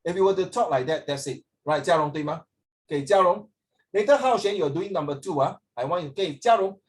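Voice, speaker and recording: A man's voice: high-pitched, expressive, fairly quick. Playful male teacher. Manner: playful, teasing, jumps between English and Mandarin. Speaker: English teacher. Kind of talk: online class teaching.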